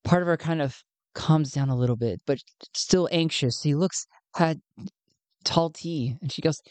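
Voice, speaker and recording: Woman running a solo rpg out loud, deep voice, takes her time. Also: no room sound. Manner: slow and thinking aloud. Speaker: solo game narrator. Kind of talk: narrating a solo tabletop game.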